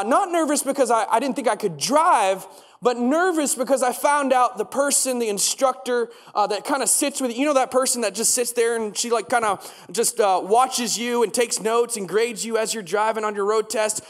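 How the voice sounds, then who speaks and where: A man's voice: extremely high pitch, normal speed. A young man preaching a sermon, telling a story in a conversational way and asking the congregation questions. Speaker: pastor. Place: church. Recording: long church hall reverb.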